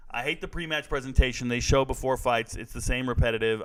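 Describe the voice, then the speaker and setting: A man's voice: medium pitch, brisk, a bit bright. A man reacting live to fight night in casual stream chat, joking, rambling and reading viewer comments aloud.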